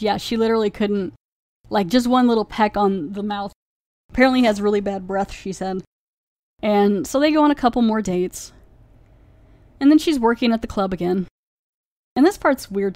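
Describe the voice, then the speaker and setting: Speaking in a mid-range, darkish voice, this podcast host gives a casual episode review, retelling the plot in a rambling way packed with "like." The recording is dry and studio quality.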